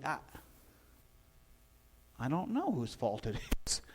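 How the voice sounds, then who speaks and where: A man preaching a sermon as pastor, telling the story in an animated way and putting questions to the congregation. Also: mid-range voice, moderate pace, long pauses.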